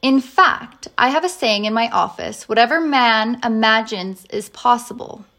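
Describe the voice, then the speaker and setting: A woman voicing a wise, patient older male professor who speaks slowly and distinctly in a storybook reading. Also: on the high side, sharp tone. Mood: earnest. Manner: slow, distinct and earnest.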